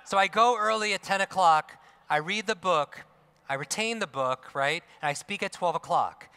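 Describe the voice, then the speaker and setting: A middle-aged man giving an energetic motivational talk on stage, asking the crowd questions and tagging lines with "right?". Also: a little high, fairly quick. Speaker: motivational speaker. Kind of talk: live stage talk to an audience. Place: large expo hall. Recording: long hall reverb.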